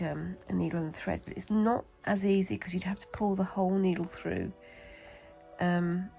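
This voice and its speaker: A British woman with a cold talks her way through a craft demonstration, chatty and rambling as she mutters to herself over the work. Her voice sits low with a gravelly fry, and soft music plays faintly behind her. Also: rough recording. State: has a cold. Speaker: craft vlogger. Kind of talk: casual demonstration while crafting.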